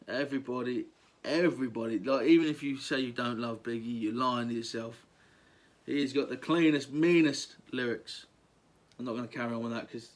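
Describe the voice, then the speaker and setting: A young man, talking casually and enthusiastically as a vlogger, gushing through a countdown with lots of ums and likes. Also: mid-range voice.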